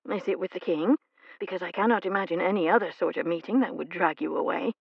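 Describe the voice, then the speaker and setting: A woman's voice: fairly low pitch, fast talker, vocal fry, slightly rough, no room sound, highs cut off. A woman reading as a playful young heroine. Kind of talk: audiobook character reading.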